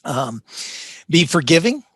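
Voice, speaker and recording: A man, a leadership coach, speaking as an interview guest; he gets excited and then deliberately slows and calms his voice. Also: fairly high pitch, slightly rough, dry recording. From United States. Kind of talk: interview over video call.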